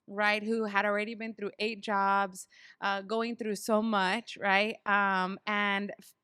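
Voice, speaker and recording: A woman hosting a podcast, asking guiding questions and affirming her guest. Her voice is bright and crisp, a touch high, recorded dry and close. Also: flat delivery, slow, dry recording. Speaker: host. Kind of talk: casual chat, interviewing.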